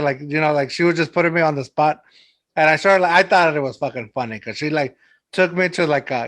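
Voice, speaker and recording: A fairly high, slightly bright male voice at a moderate pace belongs to a podcast host from San Antonio, Texas. He tells stories casually, filling them with "like" and laughing often.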